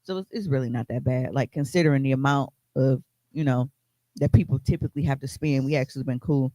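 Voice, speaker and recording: A man's voice: medium pitch, fast talker, dark tone. A man co-hosting a podcast, telling a story in a loose, casual way, with lots of fillers and swearing. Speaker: podcast co-host.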